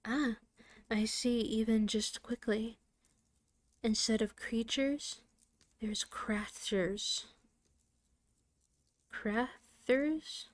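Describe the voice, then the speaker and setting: Unhurried female storyteller reading folk tales aloud, drifting into a light Irish lilt on dialect lines. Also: a little high, steady tone, no room sound. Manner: careful and unhurried, with chatty asides between passages. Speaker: reader.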